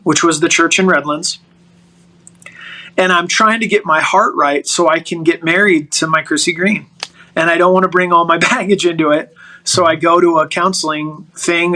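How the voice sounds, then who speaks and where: Middle-aged male guest, high and bright, animated storyteller who restarts his sentences. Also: rough recording. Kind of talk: personal storytelling in a podcast interview.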